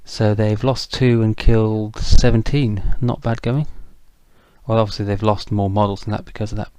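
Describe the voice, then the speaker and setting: A man's voice: fairly low pitch, little pitch movement, normal speed, a little mellow, clear, resonant tone, no echo. A man casually narrating a tabletop wargame battle report, chatty and self-deprecating, with frequent ums. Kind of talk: casual game recap narration.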